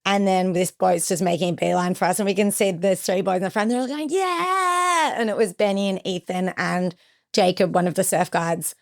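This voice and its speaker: A woman's voice: lowish voice, flat delivery, a little fast, a little mellow. A young woman recounting a personal ordeal as a podcast guest, with vivid retelling and acted-out quotes. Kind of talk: emotional personal storytelling.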